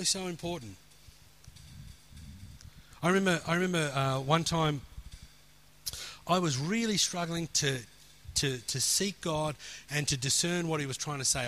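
A middle-aged man preaching a sermon, telling stories with earnest emphasis and dropping soft for quoted prayer. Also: a little high.

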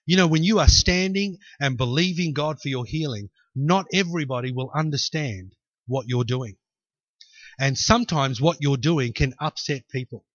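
A man's voice: a little high, normal speed, no echo, highs cut off. A man preaching a sermon and acting out the people in the story. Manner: animated preaching, acting out voices. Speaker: pastor.

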